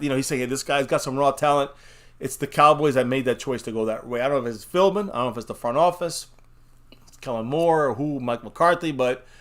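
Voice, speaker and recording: A man co-hosting a live fan stream, ranting in exasperated, profane bursts and repeating himself. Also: mid-range voice. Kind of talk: heated fan reaction chat.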